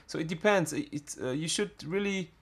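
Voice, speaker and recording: A man's voice: a little high, slightly rough. Hesitant man explaining drum production. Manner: halting, many fillers and restarts. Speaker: music production tutor. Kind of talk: screen-recorded software tutorial.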